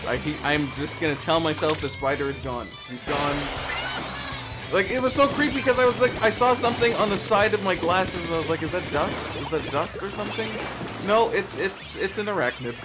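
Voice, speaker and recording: Excitable man streaming a game. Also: fairly high pitch. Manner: excitable, yelps and laughs, quick callouts to teammates. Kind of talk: live gameplay commentary. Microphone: headset. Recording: loud game music behind.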